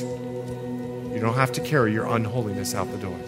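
A man preaching a sermon as pastor, building to emphatic outbursts and easing into soft, quiet appeals. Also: medium pitch, measured pace, pauses often, over loud music.

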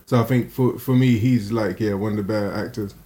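A man chatting casually about a TV show, hesitant and halting, with many fillers and restarts. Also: on the low side, steady tone, warm tone, slight background noise. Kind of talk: casual chat reviewing a TV show.

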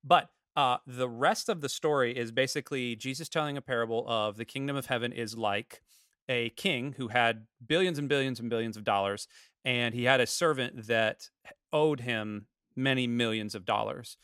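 A man from Florida co-hosting a church podcast, telling stories in a lively casual way and acting out quoted lines. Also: mid-range voice, moderate pace, clear, resonant tone, no echo, clean studio sound. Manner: animated storyteller, acts out quotes. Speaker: podcast co-host. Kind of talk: casual chat.

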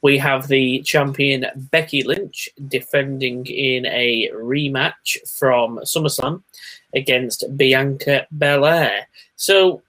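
A man's voice: mid-range voice, fairly even intonation, slow, a bit bright, low-quality recording. A man co-hosting a casual wrestling talk show, laughing often and steering the discussion. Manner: laughs often, leads the segments. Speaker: podcast co-host.

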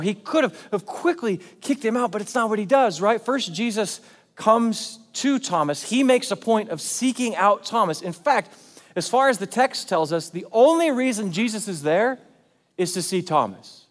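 A man preaching a sermon as pastor, in a conversational, animated way. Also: high voice, moderate pace, in a large hall. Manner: conversational and animated, acting out quotes.

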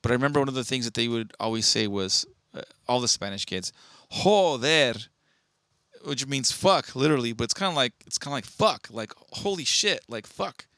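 A man with a bright, forceful voice chats on a podcast, rambling through stories and swearing freely. His voice is close and dry, with no room sound at all. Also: medium pitch, fast, hardly any pauses, no echo. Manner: profane, rambling storyteller. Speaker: podcast co-host. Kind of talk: casual podcast chat.

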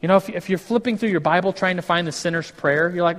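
A man's voice: high voice, fast, a bit bright. A male pastor teaching a casual, conversational sermon, often restarting sentences and acting out what people say. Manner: conversational, with many restarts and acted-out quotes. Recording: long hall reverb.

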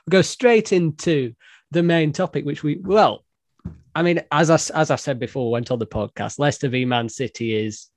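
A man's voice: on the high side, moderate pace, no echo. Chatty, jokey man hosting a podcast. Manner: chatty, joking, self-deprecating. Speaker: podcast host and editor-in-chief. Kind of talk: casual podcast chat.

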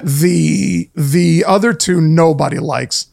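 A man's voice: on the high side, slow pace, vocal fry, darkish tone. A man co-hosting a casual podcast, rambling playfully with jokes and many restarts. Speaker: podcast co-host. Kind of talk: casual chat.

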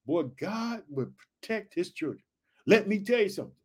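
Fired-up preacher man with a high voice. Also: animated, normal speed, husky. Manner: fired-up, repeats catchphrases and questions to listeners; reads verses aloud then riffs on them. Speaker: preacher teaching scripture. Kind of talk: energetic Bible teaching.

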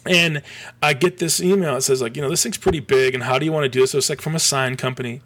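A middle-aged man from Michigan telling a long story on a podcast as a guest, rambling and animated, with many restarts and a few swears. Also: mid-range voice, fast. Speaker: podcast guest, graphic designer. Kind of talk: casual storytelling.

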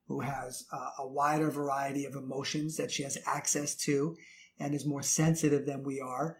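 A man giving earnest relationship advice to other men, preachy and repeating phrases for emphasis. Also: a little high. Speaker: relationship coach.

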